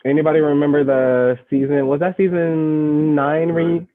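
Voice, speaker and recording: A man's voice: fairly high pitch, little pitch movement, normal speed, dry recording. A man hosting a poetry slam over a video call, with slangy, profane, laughing banter. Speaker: slam host. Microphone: remote video call. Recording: tinny, dry phone-like audio.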